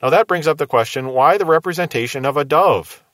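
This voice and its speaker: A man teaching through Bible verses in a measured, explaining way, often asking rhetorical questions. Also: on the high side, a bit bright, no room sound.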